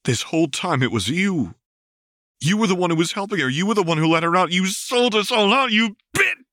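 A woman's voice: a bass voice, animated, very slow, slightly rough, dry recording, clean studio sound, full character voice. A man voicing a hot-tempered young woman brawler whose voice climbs sharply as she gets angry. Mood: furious. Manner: shouting, rising in anger.

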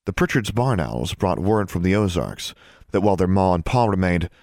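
A man giving measured scripted narration of an audiobook. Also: low voice, sing-song, darkish tone, dry recording, clean studio sound.

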